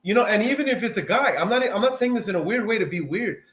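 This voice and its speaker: A man hosting a live video call, coaching in a casual, animated way and repeating phrases for emphasis. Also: high-pitched, fast, reverberant. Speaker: host and sales coach.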